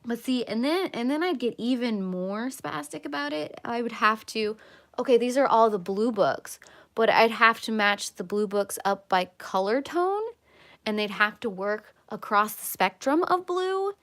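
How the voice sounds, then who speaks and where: A woman's voice: fairly high pitch, lively intonation, measured pace, a bit bright. Chatty self-mocking woman livestreaming. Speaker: livestream host. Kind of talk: casual coloring livestream chat.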